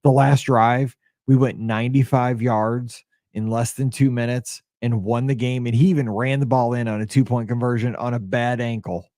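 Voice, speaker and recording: A man hosting a podcast, telling a story in a casual, excitable and openly emotional way, with lots of restarts. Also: medium pitch, moderate pace, no echo, studio quality. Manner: excitable, rambling sports storyteller. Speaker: podcast host.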